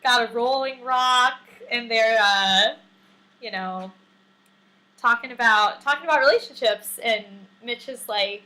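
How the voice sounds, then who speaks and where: A woman's voice: fairly high pitch, measured pace, bright, forceful tone, rough recording. A woman co-hosting a podcast, chatting casually and animatedly with lots of fillers and laughs. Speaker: podcast co-host. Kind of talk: casual recap chat.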